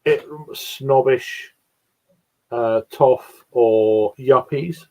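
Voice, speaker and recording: A man's voice: medium pitch, drawn-out words, darkish tone. A man from South East England with a working-class accent that mixes Essex and East London. He chats casually on a video call and often stops to restart his words. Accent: South East English, Essex and East London mix. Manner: hesitant, repeats words and restarts. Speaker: guest on a live beer stream. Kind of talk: casual chat.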